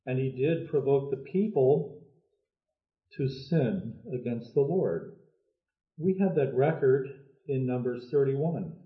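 Male preacher giving a thoughtful, paused sermon; echoey and lo-fi. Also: mid-range voice, animated. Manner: measured, thoughtful storytelling with many pauses. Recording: echoey, phone-like lo-fi sound.

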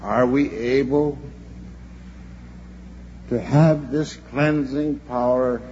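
Very slowly and in a steady, slightly mellow mid-range voice, an older man preaches to a convention. He tells his story earnestly, sometimes going back over himself, and the lo-fi recording is dull with a faint hum.

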